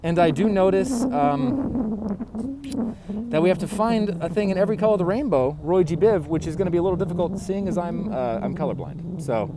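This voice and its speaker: Loud, jokey man talking to camera outdoors. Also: high-pitched, lively intonation, a little fast, heavy background noise. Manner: loud, jokey showman patter. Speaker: race competitor. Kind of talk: playful vlog commentary. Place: outdoors at a resort cable-car station. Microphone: handheld camera turned on himself.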